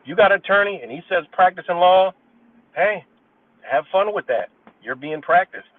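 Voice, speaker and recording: A man's voice: sits high, expressive. A man hosting a livestream, reading legal citations aloud and commenting bluntly, with plenty of cursing. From New York State. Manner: blunt, profane, reads case citations haltingly then rants. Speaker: livestream host. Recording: tinny phone-like sound, distant from the mic, dry.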